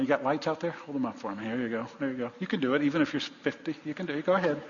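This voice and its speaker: A man preaches a sermon in a somewhat high voice, pressing his congregation with rhetorical questions. He swings between loud emphasis and quiet asides. The sound is dull and lo-fi, with a long reverb tail from a large hall. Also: racing, hardly any pauses. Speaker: pastor. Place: church sanctuary.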